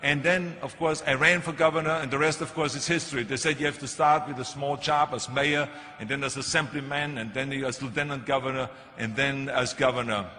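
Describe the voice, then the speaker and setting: With a medium-pitched voice, he speaks briskly and barely pauses. He is an older German-accented keynote speaker giving a motivational talk, telling stories animatedly with punchy emphasis. The recording has an echoey hall and faint music.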